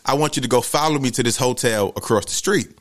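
A man putting on the voice of a calm police officer who speaks low and quiet. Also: quick pace, lightly acted. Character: calm, matter-of-fact male police officer.

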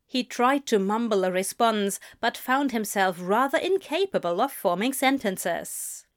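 A woman narrating a fan fiction story in a soft, gentle storytelling manner. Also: a little high, animated, unhurried. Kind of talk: audiobook fan fiction reading.

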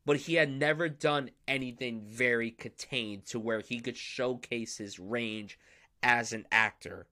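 Young man, podcast host, bright tense voice, enthusiastic, emphatic, casual chat. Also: medium pitch, fairly even intonation, unhurried. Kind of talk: casual film discussion.

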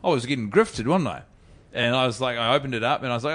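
A man's voice: medium pitch, quick pace, fairly bright tone. Rambling New Zealand man telling a story. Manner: rambling, self-deprecating, restarts mid-sentence. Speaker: podcast guest. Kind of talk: casual storytelling chat.

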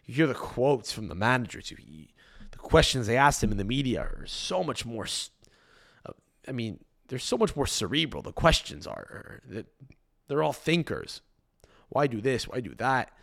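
A man's voice: medium pitch, very animated, normal speed, vocal fry, fairly bright tone. A man hosting a solo football podcast in casual, rambling chat, swearing freely and often restarting or repeating his phrases. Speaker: podcast host.

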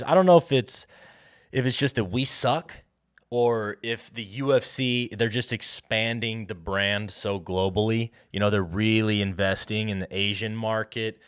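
Low-voiced American man riffing on a podcast. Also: a bit bright, clean tone. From United States. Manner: rambling, self-interrupting, riffing. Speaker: podcast host. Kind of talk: solo podcast commentary.

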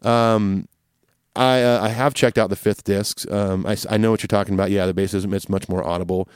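A man with a lowish, smooth, resonant voice hosts a podcast and works through listener questions. He talks in an easygoing, rambling way, with plenty of "um"s and restarts. The sound is dry and close. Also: fairly even intonation, fairly quick, no echo. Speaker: podcast host. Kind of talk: casual chat answering listener questions.

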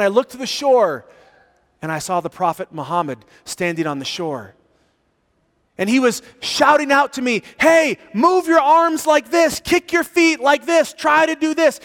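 A man preaching a sermon as pastor, telling stories with animated rises and hushed drops for emphasis. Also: very high voice, long reverb tail. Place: church sanctuary.

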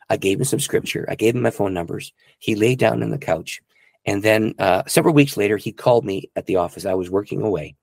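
A man's voice: lowish voice, quick pace, vocal fry, darkish tone, no room sound. A middle-aged male pastor telling a personal testimony in an earnest, emotional way. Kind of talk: testimony storytelling.

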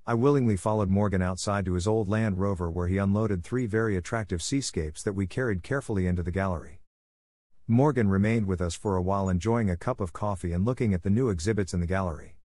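A man narrating a first-person mystery story in a measured, even way. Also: low-pitched, no room sound, clean studio sound.

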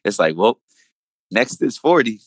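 A man's voice: fairly low pitch, sing-song, measured pace, no room sound. A man of thirty hosting a podcast in casual chat, laid-back and reflective, with many fillers. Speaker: podcast host.

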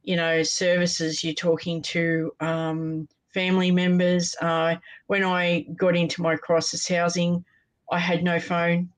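An interview host talks in an even, flat tone at a middling pitch. The delivery is conversational and relaxed, with no strong rise or fall. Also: unhurried.

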